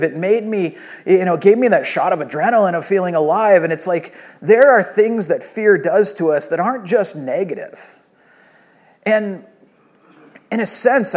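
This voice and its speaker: A man preaching a sermon, telling a personal story with animated swings from hushed to loud and excited. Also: a little high. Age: adult father of young children. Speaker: pastor.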